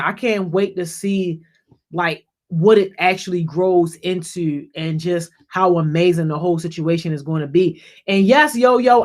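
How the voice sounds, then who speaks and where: An upbeat youth program leader hosts a group call full of casual shout-outs and encouragement. He peppers everything with "yo," repeats and restarts phrases, and his energy spikes, rising in pitch and volume, whenever he greets someone by name.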